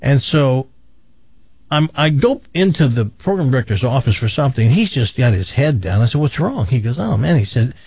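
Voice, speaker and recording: Male radio host, animated storyteller, lively pitch, dry dull sound. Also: fairly quick, slightly rough, no echo. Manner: animated storyteller, acts out voices. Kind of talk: casual radio chat.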